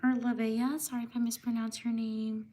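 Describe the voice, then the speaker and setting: A woman hosting a live stream, reading out viewer names one by one with quick apologies for mispronouncing them. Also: fairly high pitch, little pitch movement, warm tone. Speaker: livestream host.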